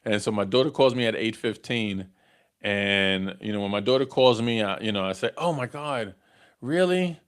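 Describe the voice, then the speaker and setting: A man's voice: lowish voice, fairly even intonation, normal speed, smooth. Chatty man hosting a podcast. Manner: conversational, tags lines with "right?", chuckles at own stories. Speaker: podcast host. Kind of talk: casual storytelling on a live podcast.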